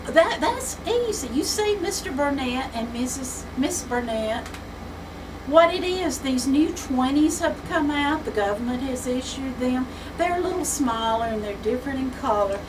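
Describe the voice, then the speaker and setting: A flustered, nervous male bank president, put on by a woman narrator who rushes his words anxiously. His voice stays polite and eager to soothe. The recording is distant, with noise behind it. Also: high-pitched, expressive, pitched above the performer's own voice. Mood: soothing. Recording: distant mic with background noise.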